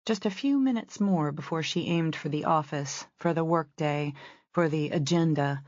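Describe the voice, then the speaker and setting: A woman narrating a romance novel as an audiobook in a steady, descriptive reading. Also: low-pitched, normal speed, no room sound, muffled recording.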